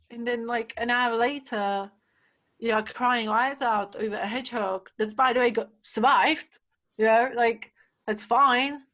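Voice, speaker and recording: Chatty woman telling animated stories. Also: fairly high pitch, unhurried. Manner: animated storyteller, many fillers, acts out quotes. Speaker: podcast guest. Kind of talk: casual chat.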